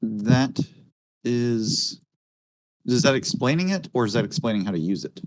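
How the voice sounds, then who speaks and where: A man's voice: medium pitch, lively intonation, unhurried, dry recording, poor audio. A man chatting casually as a trader, hesitant and thoughtful, often correcting himself. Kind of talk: casual chat.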